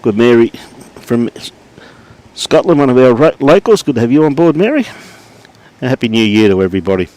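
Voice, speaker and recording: A middle-aged Australian man doing relaxed live commentary on lawn bowls, chatting and greeting viewers by name. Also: medium pitch, fast, smooth.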